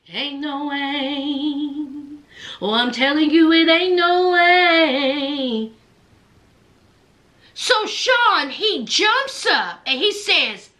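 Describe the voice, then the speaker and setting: A sassy woman hosts a reality TV recap, teasing and talking straight to her viewers. Her voice is high and very lively, with a bright edge, and she takes her time.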